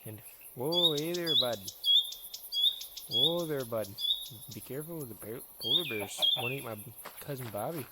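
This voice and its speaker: A man's voice: medium pitch, expressive, moderate pace, pauses often, heavy background noise, close to an everyday voice. A man doing a put-on Canadian accent as a folksy, easygoing guy who calls people "bud".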